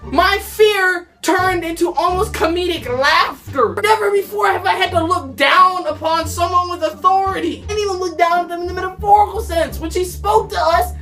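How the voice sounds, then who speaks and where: High-voiced woman telling a jokey story. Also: moderate pace, few pauses, far from the mic, faint music behind. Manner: animated, jokey, bursts into shouts and laughter. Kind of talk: casual storytime monologue.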